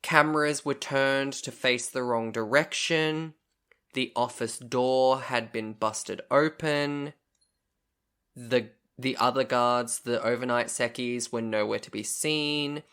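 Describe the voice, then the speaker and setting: Bright-voiced man telling a story. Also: medium pitch, fairly even intonation, slow, smooth. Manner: chatty, swears casually, acts out quoted people. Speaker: podcast co-host. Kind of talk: casual storytelling chat.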